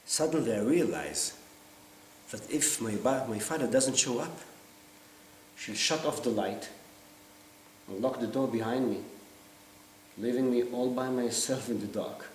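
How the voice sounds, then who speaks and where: A man performing a theatrical monologue in an intense, halting, confessional way. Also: mid-range voice. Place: theater stage. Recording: roomy stage sound from far off, faint hiss.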